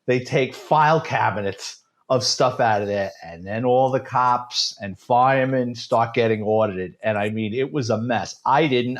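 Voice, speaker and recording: A man in his fifties with a New York accent, a retired police detective telling stories in a casual interview with a sarcastic edge. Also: mid-range voice. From United States. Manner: sarcastic, animated storyteller.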